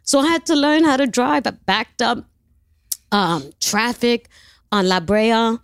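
Blunt, animated New woman. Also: fairly high pitch, measured pace, clear, resonant tone, dry recording. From New York. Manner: animated, blunt, profane, acts out dialogue. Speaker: guest. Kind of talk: casual storytelling.

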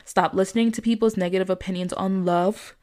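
A young woman hosting a solo podcast, giving earnest advice in a calm, chatty way full of fillers like "like.". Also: medium pitch, brisk. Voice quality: calm soft-spoken voice. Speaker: podcast host, manifestation coach. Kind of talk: casual solo podcast monologue.

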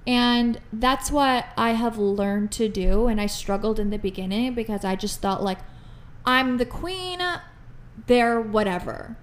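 Chatty, animated woman podcast co-host. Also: fairly high pitch. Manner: animated, chatty, many fillers like "like" and "you know". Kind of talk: casual podcast chat.

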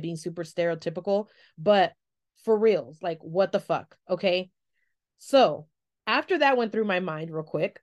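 Frank, expressive woman podcast host. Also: medium pitch. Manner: frank and expressive, swears freely, acts out quotes. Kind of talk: candid solo podcast monologue.

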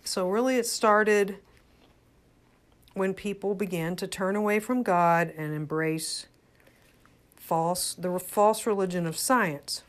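An older woman giving an earnest, unscripted religious talk, halting with frequent restarts. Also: medium pitch. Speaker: religious commentator.

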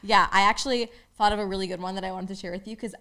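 A young woman co-hosting a podcast in casual chat, giggly and animated as she tells stories. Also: mid-range voice, very fast, clean tone. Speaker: podcast co-host.

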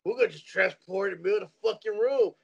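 A man with a high voice chatting casually as a podcast co-host. He laughs a lot and lets his lines trail off quietly. The sound is muffled and lo-fi. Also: fairly quick, gravelly, breathy edge. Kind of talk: casual chat.

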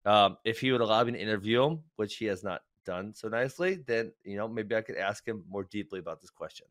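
A man co-hosting a wrestling talk show in casual chat, loose and quick to laugh. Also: lowish voice, a bit bright, no echo, clean studio sound. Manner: laughs often, chatty and loose.

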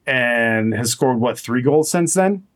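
Laid-back swearing co-host. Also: male voice, medium pitch, takes it slowly. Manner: relaxed, swearing, thinking aloud. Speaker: podcast co-host. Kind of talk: casual chat.

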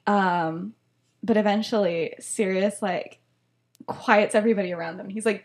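A woman's voice: mid-range voice, fairly even intonation, fairly quick, a little mellow. A woman co-hosting a podcast, retelling a story in casual chat, often laughing and saying "like" and "um". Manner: giggly, lots of "like" and "um". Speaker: podcast co-host.

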